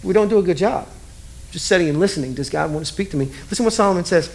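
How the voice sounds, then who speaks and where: Male pastor, 40s-50s, casual animated sermon delivery, high pitch. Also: fast talker. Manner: conversational, animated, acts out scenes.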